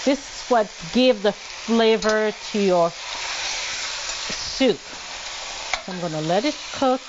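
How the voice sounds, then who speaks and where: Slow-talking woman cooking at home. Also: medium pitch, animated, lo-fi sound, noisy background. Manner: chatty, narrates each step, drops into French. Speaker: cooking show host. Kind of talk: casual cooking demonstration. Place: home kitchen.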